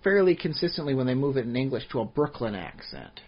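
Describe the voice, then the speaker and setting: Husky-voiced man in casual podcast chat. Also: mid-range voice, big pitch swings, fast, dull audio. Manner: rambling, many fillers and restarts. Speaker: podcast co-host.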